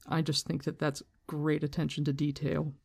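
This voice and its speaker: A candid book commentator who mixes reading aloud with casual, opinionated remarks. The voice sits at a middle pitch. The talk is loose and frank, with some swearing. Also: flat delivery, moderate pace, gravelly, breathy edge.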